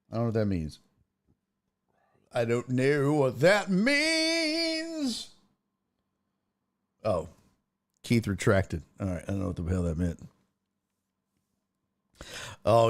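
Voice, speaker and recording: A man hosting a casual sports livestream, bantering loudly and profanely with his chat. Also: medium pitch. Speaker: livestream sports talk host. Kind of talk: casual livestream chat reading viewer comments.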